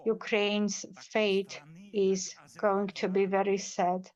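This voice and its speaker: Slow, emotional woman on a panel. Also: mid-range voice, level tone, a little mellow, highs cut off. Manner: emotional and firm, with many hesitations and repeated words. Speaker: symposium panelist. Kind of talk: impassioned panel remarks.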